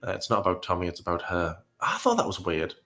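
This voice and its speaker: Male commentator, low voice, rambling reaction talk, wry and sighing. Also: wildly swooping pitch, quick pace, fairly bright tone. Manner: rambling, self-deprecating, frequent ums and sighs.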